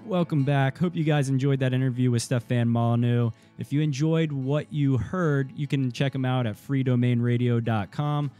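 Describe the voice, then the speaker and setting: A man in his twenties co-hosting a podcast, relaxed and laughing, with a loose, chatty way of talking. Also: medium pitch, moderate pace, few pauses, soft background music. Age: 20s. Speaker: podcast co-host. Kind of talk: casual interview chat.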